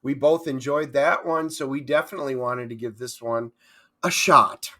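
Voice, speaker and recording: A man's voice: medium pitch, normal speed, pushed and bright. A man co-hosting a casual movie review, chiming in briefly and giving blunt opinions. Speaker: movie review podcast co-host.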